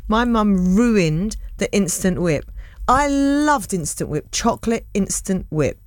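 A woman's voice: medium pitch, lively intonation, slow pace, dry recording. A woman in casual chat, telling stories between laughs. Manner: chatty, storytelling with laughs.

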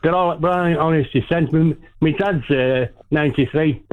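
An older man from Liverpool with a Liverpool accent, calling in to a radio show and talking in halting, repetitive bursts full of restarts. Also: a little high, phone-quality sound. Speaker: phone-in caller. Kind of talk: rambling phone-in chat.

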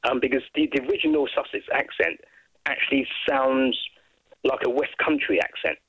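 A man from Brighton, England, a guest chatting casually and rambling through his memories. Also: medium pitch, expressive, normal speed, breathy edge, no echo, highs cut off. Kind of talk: casual chat.

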